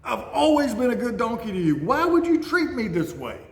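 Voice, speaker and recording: Man playing a wronged talking donkey: pleading, high-pitched, echoey space. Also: wildly swooping pitch, brisk, exaggerated voice. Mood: aggrieved pleading. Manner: high, loud, aggrieved pleading. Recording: echoey room, faint noise.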